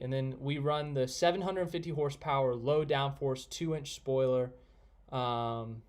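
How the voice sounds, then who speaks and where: A man chatting casually on a live stream, answering viewers and giving blunt opinions in a rambling way. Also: mid-range voice. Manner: rambling, opinionated, reads out chat names.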